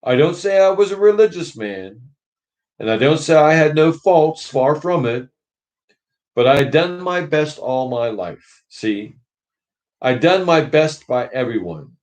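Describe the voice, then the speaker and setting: A man's voice: a little high, animated, measured pace, darkish tone, voice pushed up. A man reading as an indignant self-righteous ghost. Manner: aggrieved, blustering.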